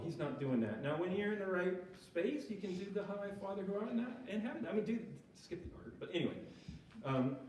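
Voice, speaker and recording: Lively high-voiced man preaching in a hall. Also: a little hiss or hum. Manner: conversational, often checking in with the audience. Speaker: speaker at a church recovery group. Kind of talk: informal sermon talk. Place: church hall. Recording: echoey church hall, mic far off.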